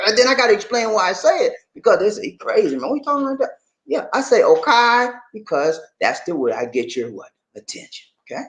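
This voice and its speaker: A man from Charleston, South Carolina, casually talks to viewers as host of his own channel, sitting high in the frame. He's animated and repetitive and often checks in with his audience, recorded with a roomy echo.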